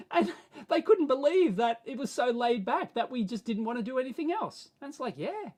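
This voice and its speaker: An Australian man hosting a live stream, answering viewer questions in a rambling, animated way that swings between mumbled asides and excited bursts. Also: extremely high pitch, moderate pace. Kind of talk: casual live-stream chat.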